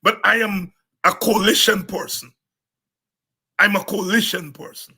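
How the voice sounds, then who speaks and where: A man with a Guyanese accent giving an impassioned political address as a party leader, forceful and emphatic, repeating words for stress. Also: sits high, fairly even intonation, unhurried, husky.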